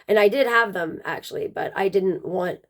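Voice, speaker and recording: A woman's voice: mid-range voice, normal speed. A woman casually telling a personal story, rambling with plenty of "um" and "like" fillers.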